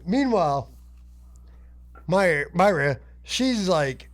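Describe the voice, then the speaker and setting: A man's voice: fairly high pitch, lively intonation, measured pace. A man co-hosting a podcast, telling rambling stories full of swearing and laughter. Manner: profane, laughing, rambling storytelling. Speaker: podcast co-host. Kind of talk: casual podcast banter.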